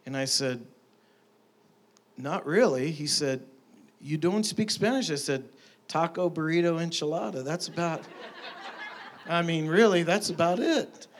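A man preaching a sermon, telling stories in a lively way and building to emphatic peaks. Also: on the high side, a little slow, pauses often. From Tulsa, Oklahoma. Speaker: pastor. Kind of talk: sermon with storytelling.

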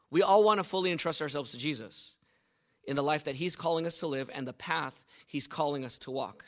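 Bright high-voiced male pastor preaching. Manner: asks the congregation questions, emphatic repetition. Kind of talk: sermon.

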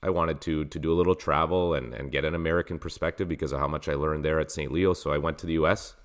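A man who coaches soccer, calmly explaining his career as a guest in a casual interview. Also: very deep voice, clean tone. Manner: measured, explanatory.

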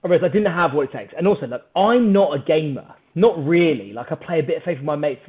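A British man telling a story on a podcast in an energetic, animated way, swearing freely. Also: a little high, quick pace, phone-quality sound. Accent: British English. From Britain. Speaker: podcast guest, startup founder. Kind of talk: casual storytelling chat.

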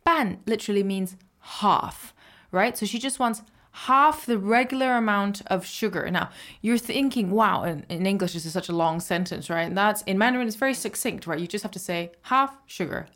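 A woman gives a language lesson on a podcast, explaining patiently and often checking in with "right?". Her voice is medium-pitched and fairly bright, at a normal speed.

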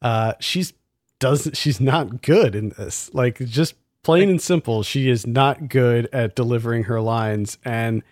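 A man's voice: mid-range voice, takes it slowly, a little mellow, no echo, clean studio sound. A man in a casual film review chat, critical and exasperated, firing off rhetorical questions.

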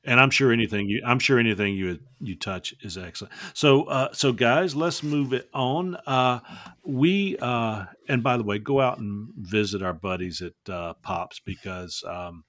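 A man's voice: mid-range voice, a little slow, a bit bright, no room sound, studio quality. A man hosting a casual podcast, joking and rambling, laughing easily. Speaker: podcast host.

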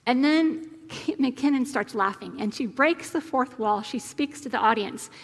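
Woman pastor, slow and gentle preaching, slightly high voice, long hall reverb. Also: animated. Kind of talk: sermon with prayer.

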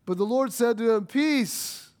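High-voiced male pastor preaching. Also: moderate pace. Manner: storytelling, acting out dialogue with restarts. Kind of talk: sermon.

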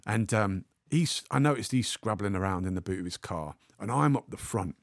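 A man spins a comic anecdote and throws himself into the other characters' voices as he goes. His voice is gravelly, with fry at the ends of phrases, and it sits in an ordinary male range. The recording is close and dry, with no room sound. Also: lowish voice, normal speed, dry recording. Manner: animated storyteller, acts out the other people in the story. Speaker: podcast guest.

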